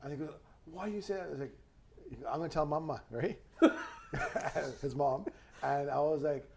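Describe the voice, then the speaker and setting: A man's voice: fairly high pitch, moderate pace, gravelly, a crowd in the background. A man in his thirties hosting a podcast, telling a laid-back story with laughs and swearing. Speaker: podcast host. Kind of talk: casual chat.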